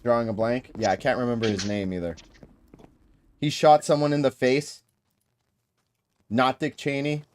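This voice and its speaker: A man's voice: mid-range voice, normal speed, pauses often, darkish tone. A man with a Boston accent chatting casually on a gaming livestream, rambling and friendly as he searches for words. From Boston area, New England. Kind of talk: casual chat.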